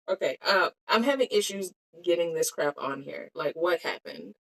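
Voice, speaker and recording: A woman's voice: on the low side, expressive, moderate pace, few pauses, a bit bright. A woman chatting casually to her live-stream viewers while making bead earrings on her phone, giggling and trailing off as she talks to herself. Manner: giggly, self-talking, trails off mid-sentence. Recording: cellphone live-stream audio.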